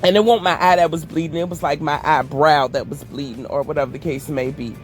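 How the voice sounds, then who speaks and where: Brief: animated, foul-mouthed woman vlogger telling a story on a walk, faint music behind. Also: deep voice, brisk. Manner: profane, animated, addresses viewers as y'all. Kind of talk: casual storytime. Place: outdoors while walking.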